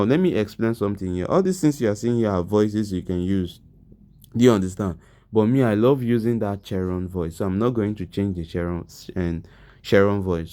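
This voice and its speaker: A man, walking viewers through a software tutorial step by step and checking often that they follow along. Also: fairly low pitch. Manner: explains step by step, asks viewers questions often. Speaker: tutorial host. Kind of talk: screen-recorded tutorial walkthrough.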